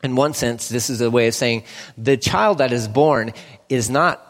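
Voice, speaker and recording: A man preaching a sermon in a casual, conversational way, acting out the people in the story with animated voices. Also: medium pitch, moderate pace, big-room sound. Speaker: pastor.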